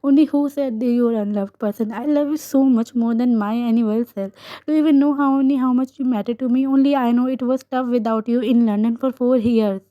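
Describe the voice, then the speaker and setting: A woman's voice: fairly high pitch, fast, no echo, close to an everyday voice. A woman voicing a protective younger sister who pleads urgently in a raised voice. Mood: pleading. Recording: dull lo-fi recording.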